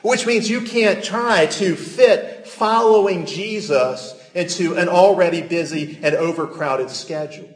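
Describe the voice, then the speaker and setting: A man's voice: sits high, unhurried, hardly any pauses, echoey room. A male pastor delivering a sermon in a church, earnest and emphatic, pressing his points with rising emphasis. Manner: earnest preaching with emphatic rises.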